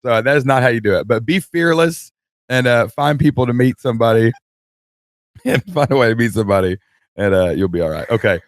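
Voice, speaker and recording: Animated man telling a story, dry sound. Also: medium pitch, brisk, dry recording. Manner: animated, acts out voices, laughs mid-story. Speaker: podcast co-host. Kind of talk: casual storytelling chat.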